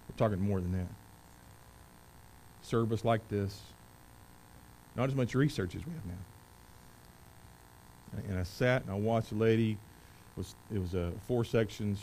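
A man in his forties preaching a sermon in a church, reading scripture loudly and with force, then telling stories in a quieter voice. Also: fairly low pitch, slight background noise, poor audio. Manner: rises to loud emphatic preaching when reading scripture, drops to quiet storytelling. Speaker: pastor. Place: church service.

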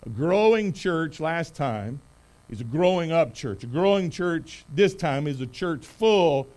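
A man's voice: on the high side, animated, a little slow. Emphatic man preaching a sermon. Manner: emphatic preaching, rising loud on key words; soft, hushed prayer. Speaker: pastor. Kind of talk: sermon with scripture reading and prayer.

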